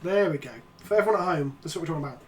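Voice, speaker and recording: A man's voice: a little high, racing. A young man streaming a card game, chatting casually and swearing a lot. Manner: sweary, excitable, breaks into shouting and laughter.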